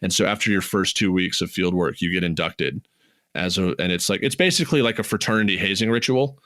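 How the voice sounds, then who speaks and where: Man, low voice, casual podcast storyteller, swears a lot, shoots up in pitch when excited, dry close mic. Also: fast, no echo. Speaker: podcast co-host.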